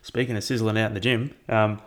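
A man's voice: fairly low pitch, level tone, fairly quick, a bit bright. A young man chatting casually about his training to his own microphone, rambling and swearing often. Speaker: triathlete sharing training update. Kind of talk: casual chat.

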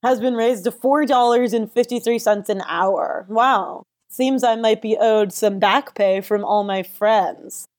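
A woman's voice: fairly high pitch, unhurried, hardly any pauses, a little mellow, lightly acted. A woman playing a giggly awkward teen host. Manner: giggly, rambling, flustered. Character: awkward eager sixteen-year-old girl talk show host. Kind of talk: improvised comedy podcast. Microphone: no proper microphone.

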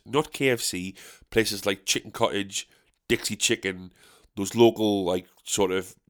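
Ranting North East English comedian man. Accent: North East English (South Shields). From South Shields, England. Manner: exasperated ranting, swearing, with sharp high-pitched "what?" outbursts. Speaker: stand-up comedian. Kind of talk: casual monologue podcast.

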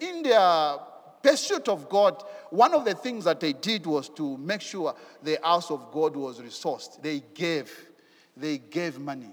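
A man preaching a sermon in an animated way, asking rhetorical questions and repeating his phrases. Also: a little high, a little slow, big-room sound.

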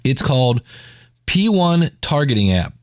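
A man's voice: mid-range voice, big pitch swings, measured pace, dry recording, studio quality. A man hosting his own podcast, reviewing a web tool in a chatty, informal way with jokey asides. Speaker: podcast host. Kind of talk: casual solo podcast review.

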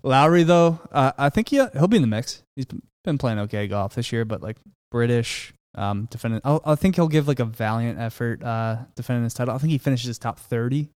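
Relaxed man talking golf bets, dry sound. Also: medium pitch, fairly quick, few pauses, dry recording. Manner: relaxed, filler-heavy, matter-of-fact. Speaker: golf podcast host. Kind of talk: casual sports betting chat.

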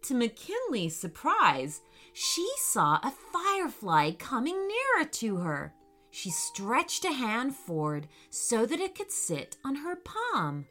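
A woman reading a children's story aloud, slow and expressive. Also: fairly high pitch, soft background music. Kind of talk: children's bedtime story narration.

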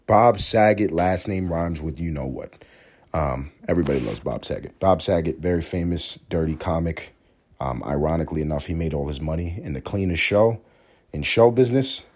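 A man with a sore throat hosts a solo podcast in a deep, husky voice. He rambles and curses, sometimes rising into a mock sermon. His tone is rough and scratchy. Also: a little mellow. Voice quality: hoarse. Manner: profane, rambling, mock-preacher delivery. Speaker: podcast host. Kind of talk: casual solo podcast monologue.

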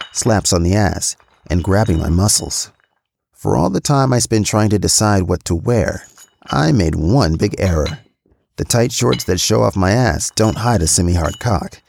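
Deep-voiced man reading a story. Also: vocal fry, a little mellow, a little hiss or hum. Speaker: podcast storyteller. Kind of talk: scripted first-person story narration.

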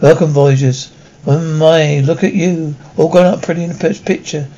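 A woman's voice: deep voice, steady tone, normal speed, mellow, muffled recording, a little hiss or hum, lightly acted. An actress playing a charming, teasing step-grandmother who welcomes her guests effusively, in a television drama.

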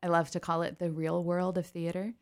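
Woman from Pennsylvania, podcast guest, chatty, laughs a lot, lowish pitch, loose "like" fillers. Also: flat delivery, brisk, darkish tone. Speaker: podcast guest, stage actress. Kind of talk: casual interview chat.

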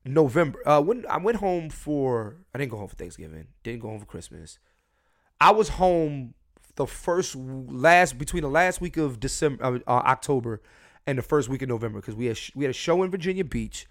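A young man hosting a solo podcast, blunt and swearing freely, his voice swinging between loud and quiet. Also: mid-range voice, animated, moderate pace. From Philadelphia. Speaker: podcast host.

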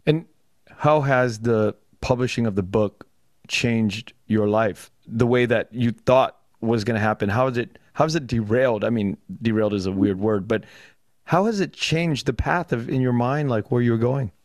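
A man hosts a casual interview over a video call. His voice is mid-pitched and sounds dry and close, with no room around it. He asks curious questions and often repeats a word or two as he begins. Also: normal speed, no room sound. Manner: curious, conversational, repeats words as he starts. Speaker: podcast host.

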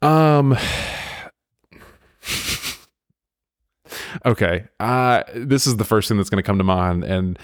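Rambling Southern man, animated rant. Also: fairly low pitch, slow, pauses often, no room sound, studio quality. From American South. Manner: rambling, animated rants with frequent restarts. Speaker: podcast host. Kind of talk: casual podcast chat.

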